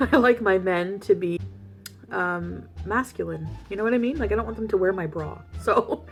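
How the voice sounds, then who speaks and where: A woman's voice: medium pitch, normal speed, vocal fry, soft background music. A woman vlogger telling a story in casual, frank chat, laughing often and saying "like" a lot. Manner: chatty, laughs often, heavy use of "like"; frank and animated retelling.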